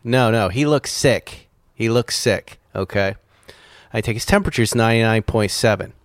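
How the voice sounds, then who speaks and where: A man co-hosting a podcast, telling a story in an animated, self-mocking way and laughing as he goes. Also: lowish voice, moderate pace, no room sound, clean studio sound. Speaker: podcast co-host. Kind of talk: casual chat, storytelling.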